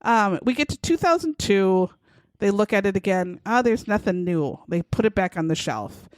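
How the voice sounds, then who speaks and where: A woman's voice: medium pitch, animated, moderate pace, no room sound. A woman co-hosting a podcast, telling a crime story in casual chat with outraged, profane asides. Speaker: podcast co-host.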